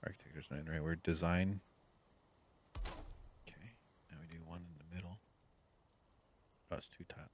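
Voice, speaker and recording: A man's voice: low-pitched, fairly even intonation, moderate pace, pauses often, slight background noise. A middle-aged man rambling relaxedly while playing a game, muttering to himself, humming and dropping jokey asides, sometimes into a whisper. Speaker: gaming channel host. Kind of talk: relaxed rambling gameplay commentary.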